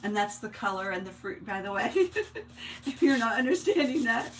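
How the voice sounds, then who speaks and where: A chatty woman with a mixed New Jersey and Long Island accent, softened by years in Indiana, talks her viewers through a craft project. She thinks out loud and laughs easily. Sanding and rubbing noises come through clearly behind her. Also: mid-range voice, expressive, normal speed, a little hiss or hum, low-quality recording. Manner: chatty, laughs often, thinks aloud while working. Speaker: crafting livestream host. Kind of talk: casual craft-along chat.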